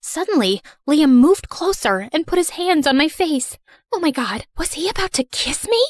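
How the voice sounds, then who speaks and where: A young woman narrating her own animated story in first person, bubbly and playful. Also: high voice, moderate pace, no echo, clean studio sound.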